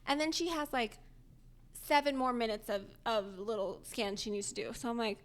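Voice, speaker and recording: A young adult woman co-hosting a podcast, telling a story in casual chat, animated and often laughing as she acts out the people in it. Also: a little high, normal speed. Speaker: podcast co-host.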